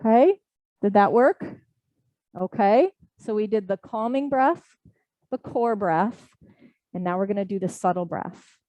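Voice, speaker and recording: A woman teaching a live yoga class to people in the room and online. She gives gentle, slow breathing cues. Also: medium pitch, animated, dry recording, poor audio. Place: indoor studio class, also streamed online.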